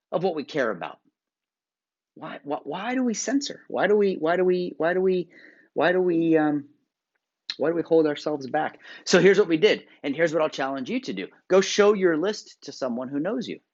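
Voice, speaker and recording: A man from the United States giving a motivational video talk, coaching viewers through exercises with direct instructions, shifting from loud emphasis to quiet asides. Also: fairly high pitch, expressive, moderate pace. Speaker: workshop presenter. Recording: dull lo-fi sound.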